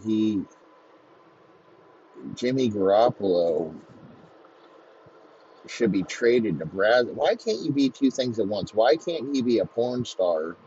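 A low-voiced man rambles through a profane comedic rant on his podcast. His delivery is loose and rambling. The recording is slightly dull, with faint hiss beneath it. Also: dark tone. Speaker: podcast host. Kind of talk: crude comedic sports rant.

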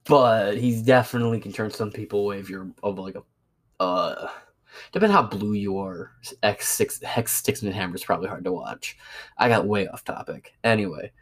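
A man's voice: lowish voice, moderate pace. A young man ranting casually about a coworker, profane and sarcastic as he tells the story. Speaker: podcast host.

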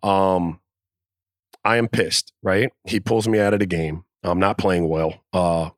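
A man telling a locker-room story in a casual podcast chat, animated and profane, acting out the quotes. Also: low-pitched, slow pace, no room sound, clean studio sound. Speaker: podcast co-host, former NBA player.

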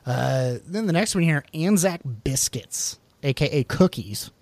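A man's voice: on the high side, lively intonation, a little slow, dry recording. A man co-hosting a podcast, reading food facts aloud with jokey asides and the odd stumble over words. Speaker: podcast co-host.

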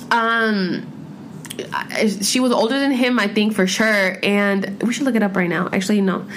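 A woman in her thirties chatting casually at home as a podcast host, rambling and expressive, with heavy swearing and filler words. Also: mid-range voice, a little hiss or hum. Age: 30s. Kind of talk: casual chat. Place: home room with pets.

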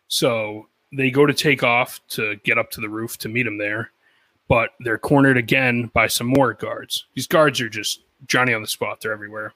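A man co-hosting a podcast, recapping a cartoon episode in animated, casual storytelling with quoted lines and swearing. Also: mid-range voice, no echo, poor audio. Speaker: podcast co-host.

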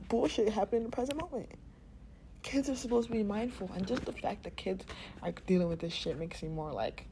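Candid podcast woman with a mellow voice. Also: mid-range voice, a little hiss or hum. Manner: candid and profane, with frequent laughs; soft, soothing and half-whispered in places. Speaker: podcast host. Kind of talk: unscripted podcast monologue.

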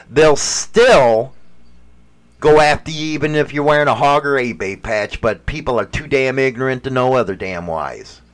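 A middle-aged man talks on his podcast in a blunt, profane, casual way. He takes his time with each phrase, and his pitch rises and falls a lot as he makes his point. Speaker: podcast host.

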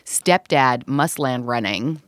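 A woman in casual podcast chat, animated and laughing often. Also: a bass voice, slow pace, background noise.

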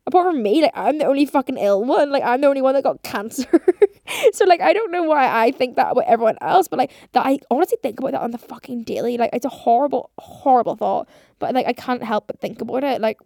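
A woman's voice: a little high, expressive, fast talker, vocal fry, mellow, no echo, studio quality. A woman in her twenties hosting a casual solo podcast, rambling and chatty, swearing often and saying "like" constantly. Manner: rambling, chatty, swears a lot, heavy use of like. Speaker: podcast host.

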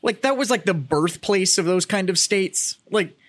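A man co-hosting a casual podcast, joking and cursing in quick banter. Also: sits high, a bit bright, no echo. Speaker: podcast co-host. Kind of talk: casual chat.

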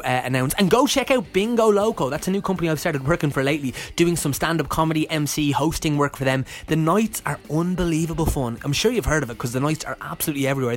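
A young man hosts a casual podcast chat at a quick clip. He sounds chatty and upbeat and pokes fun at himself. His pitch sits in an ordinary middle range for a man. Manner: chatty, upbeat, self-deprecating. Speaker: podcast host.

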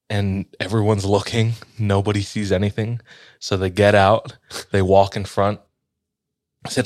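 Deep-voiced man telling a spooky story. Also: little pitch movement, moderate pace, no echo, studio quality. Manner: rambling with many fillers and restarts, drops to a low hush at tense moments. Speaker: storyteller in a podcast-style chat. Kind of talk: casual retelling of a ghost story.

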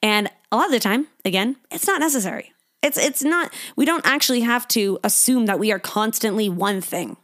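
A woman's voice: expressive, a little fast, a bit bright. Chatty young woman podcaster, swearing freely. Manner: chatty, swears freely, acts out inner voices with rising pitch. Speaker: podcast host. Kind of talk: casual solo podcast monologue.

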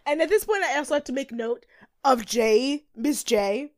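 A young woman recapping a show with a co-host, her voice swinging widely and sitting a little high. She rants and acts out what people said. The sound is close and dry. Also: normal speed, dry recording. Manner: animated, ranting, acts out quotes. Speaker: podcast co-host. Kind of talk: casual recap chat.

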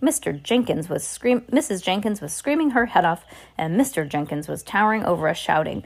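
A woman's voice: fairly low pitch, expressive, a little fast, vocal fry. A woman reading a children's novel aloud in a casual way, stumbling and correcting herself now and then. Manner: casual, with slips and self-corrections. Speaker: reader.

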